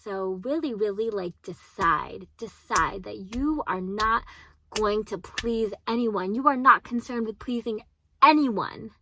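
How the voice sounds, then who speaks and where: A woman's voice: mid-range voice, unhurried, noisy background. A woman in her twenties giving casual advice to her viewers, emphatic and repetitive, swearing now and then. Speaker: vlogger.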